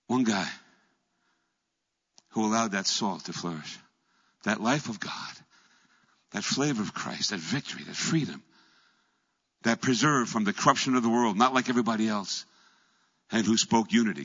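A middle-aged man preaching a sermon, telling a story and swinging from quiet, low asides to loud, animated passages. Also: moderate pace, pauses often, slightly rough. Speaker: pastor. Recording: echoey hall, dull lo-fi sound.

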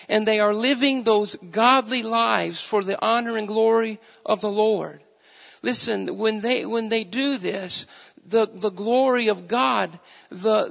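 A man delivers a sermon, moving from scripture reading into earnest, repetitive preaching. His voice sits high and carries a strong gravelly fry. The recording sounds dull and muffled, with a long reverb trailing through a large hall. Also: fairly bright tone. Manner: reads scripture in old-fashioned wording, then preaches with rising fervor and repetition.

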